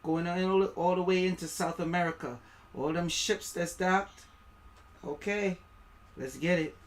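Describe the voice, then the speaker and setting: A man's voice: sits high, fairly even intonation, unhurried. A man with a West Indian accent giving rambling, preachy live-stream commentary, reading aloud and stumbling over words.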